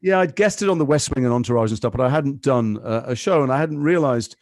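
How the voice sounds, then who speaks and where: An English man in his fifties, a guest actor in a podcast interview, telling stories quickly with lots of asides. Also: medium pitch, dry recording. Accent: English, Liverpool and London mix. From England. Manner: fast, animated storytelling with asides.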